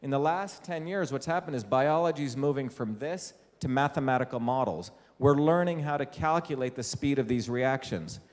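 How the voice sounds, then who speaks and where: A man's voice: mid-range voice, normal speed, hardly any pauses. Emphatic male lecturer in a reverberant hall. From India. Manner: emphatic, asks rhetorical questions. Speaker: invited lecturer. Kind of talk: public lecture to a live audience.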